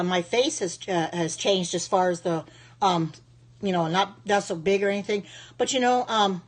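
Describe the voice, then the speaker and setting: A woman in her sixties chatting on a live stream as a home cook, reacting aloud to viewer comments in a devout, thankful way. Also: mid-range voice. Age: 60s.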